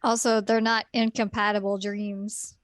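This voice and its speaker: Slow-talking woman chiming in. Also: medium pitch, flat delivery, no echo. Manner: short dry interjections. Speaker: podcast co-host. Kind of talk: casual anime chat.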